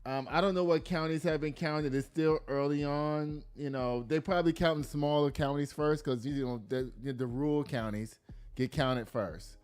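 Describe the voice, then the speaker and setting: Casual male news-commentary host, slangy and animated, faint music underneath. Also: fairly high pitch, normal speed, clean tone. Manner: animated, slangy, reacts aloud while reading.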